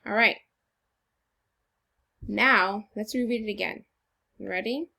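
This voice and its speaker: A woman teacher giving a recorded phonics lesson to children, slow, encouraging and deliberately exaggerated. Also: mid-range voice, creaky, pushed and bright.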